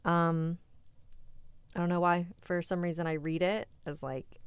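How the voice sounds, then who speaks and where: A woman's voice: fairly low pitch, little pitch movement, measured pace, smooth, no room sound. Chatty woman reading scary stories live. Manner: chatty, candid asides to the chat between stories. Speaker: host and story reader.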